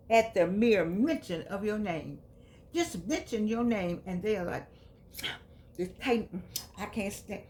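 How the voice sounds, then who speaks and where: A woman casually reading passages from a book aloud and talking them over in a conversational, down-to-earth way. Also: medium pitch. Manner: grows quiet and subdued. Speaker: vlogger reading and commenting on a book.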